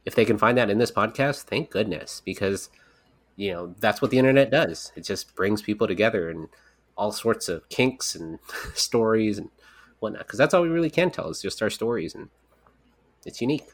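A man's voice: fairly low pitch, expressive, normal speed. A man co-hosting a casual podcast, talking in a rambling, candid way with casual swearing. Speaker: podcast co-creator and host.

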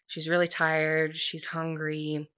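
A woman's voice: deep voice, monotone, takes it slowly, fairly bright tone, clean tone. A woman casually retelling a story in a chatty way, filling her talk with "like". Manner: chatty, lots of filler "like".

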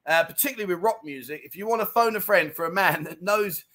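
A man's voice: high voice, fast talker, sharp tone. A man hosting a casual livestream, reading out viewer comments with jokey, self-mocking, chummy banter. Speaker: livestream host.

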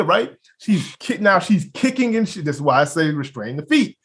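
A young man co-hosts a laid-back podcast, his voice sitting high as he talks at a normal speed with barely a pause. He's an animated storyteller, swearing freely, laughing, and acting out what the other people in his story said.

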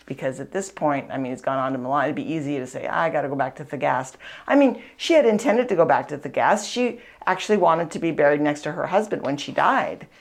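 A woman's voice: low voice, animated, fast talker, hardly any pauses. A woman hosting a faith podcast, telling a saint's story in an earnest, chatty way with frequent asides. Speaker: podcast host, author and speaker. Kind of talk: conversational storytelling teaching.

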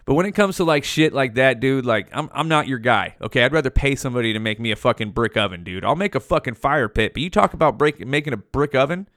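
Man, mid pitch, hosting his show solo; loose, profane, slangy rambling into a dry close mic. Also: expressive, fast talker, hardly any pauses, fairly bright tone, no echo. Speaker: podcast host. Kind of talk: rambling casual monologue.

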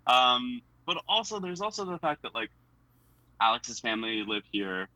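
A man's voice: medium pitch, sing-song, normal speed, bright, forceful tone, dry recording, poor audio. A young man from the United States, chatting casually as an interviewee, self-deprecating and full of fillers.

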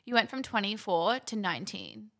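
A woman's voice: medium pitch, sing-song, normal speed. A young adult Australian woman co-hosting a podcast in a bubbly, laughing, chatty way. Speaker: podcast co-host. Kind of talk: casual podcast chat.

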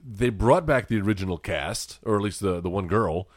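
A man's voice: on the low side, no echo, studio quality. A man co-hosting a podcast, chatting casually about a film in an easygoing, jokey way. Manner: easygoing, jokey, quick back-and-forth. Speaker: podcast co-host. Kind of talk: casual movie review chat.

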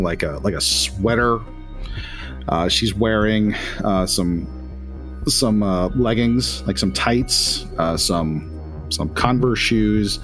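Man, game master, lowish voice, loose filler-heavy narration, faint music behind. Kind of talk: narrating a tabletop role-playing game.

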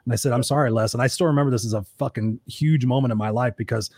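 A middle-aged man hosting a show, telling stories in casual chat, animated and swearing freely as he acts out quotes. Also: medium pitch, racing, no echo, clean studio sound. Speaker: podcast host.

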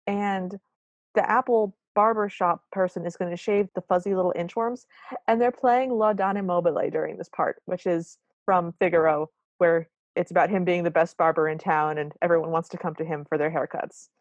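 A woman's voice: lowish voice, steady tone, normal speed, no room sound, muffled recording. A woman co-hosting a podcast, recapping a cartoon in a wry, apologetic, casual way. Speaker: podcast co-host.

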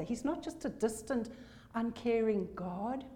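A woman delivers a sermon in a mellow, warm voice. She is emphatic and hammers home key phrases through repetition. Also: mid-range voice, unhurried. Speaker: preacher.

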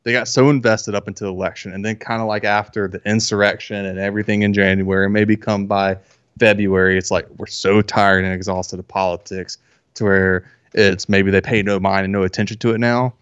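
Male podcast co-host, low and smooth, opinionated and casual, dry dull lo-fi recording. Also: little pitch movement, brisk, fairly bright tone, dry recording. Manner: opinionated, loose, filler-heavy. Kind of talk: casual chat. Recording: dull lo-fi audio.

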